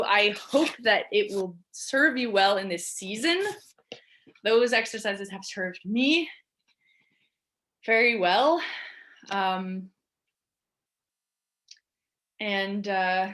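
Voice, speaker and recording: A woman's voice: medium pitch, fairly bright tone. A woman guiding a movement lesson in a playful way, laughing easily as she explains. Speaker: energy work teacher. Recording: echoey room.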